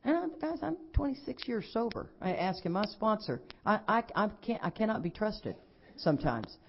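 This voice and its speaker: A middle-aged woman, giving a lively personal testimony at a recovery convention and acting out what others said. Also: medium pitch, normal speed, vocal fry, a little hiss or hum. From Texas. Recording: dull lo-fi convention recording.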